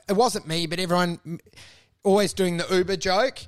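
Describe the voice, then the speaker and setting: A man co-hosting a podcast, talking in crude, laughing comic banter and often breaking into loud put-on voices. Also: sits high, a little fast, no echo. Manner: brash, laughing, swearing, launches into loud mock voices. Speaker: comedian podcast co-host.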